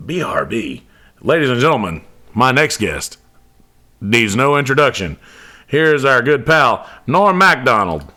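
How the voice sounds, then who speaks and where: A man's voice: medium pitch, sing-song, unhurried, pauses often, pushed and bright. A man hosting a podcast, chatting playfully with asides to his listeners. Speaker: podcast host. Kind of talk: casual podcast chat.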